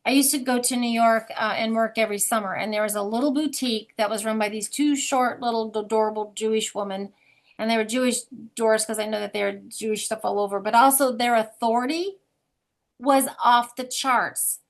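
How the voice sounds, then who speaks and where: A woman hosting a video-call training, telling a story in a lively, enthusiastic way. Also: on the high side, fairly quick. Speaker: host. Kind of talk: casual chat.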